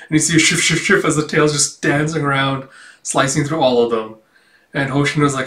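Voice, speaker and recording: A man's voice: on the high side, fairly even intonation, pushed and bright. Chuckling man reading manga in a roomy room. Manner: chuckling, filler-heavy, quick to quote the dialogue. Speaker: manga chapter reviewer. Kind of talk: casual read-through with commentary. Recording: roomy, a bit distant from mic.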